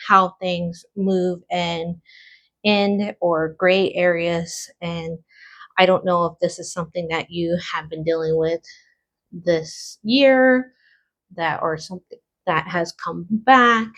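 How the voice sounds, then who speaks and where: A woman giving a casual tarot card reading, thinking aloud slowly with lots of fillers and pauses. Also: lowish voice, fairly even intonation, a bit bright, highs cut off. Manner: slow, musing, thinking aloud with many fillers. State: has the hiccups.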